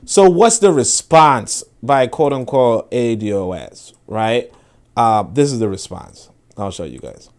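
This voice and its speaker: A male commentator of middling pitch talks loosely about clips he is watching. He rambles, swears freely and fills his sentences with filler words. The tone is casual and offhand throughout.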